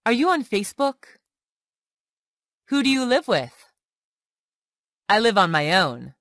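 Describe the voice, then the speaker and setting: A woman reads everyday English phrases aloud as a language lesson. Her delivery is slow and deliberate, and her pitch rises and falls a lot from line to line. The recording is dry and close. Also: very animated, a bit bright, no echo. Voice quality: slow, clearly enunciated phrase reading. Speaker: English tutor. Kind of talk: reading example phrases for learners.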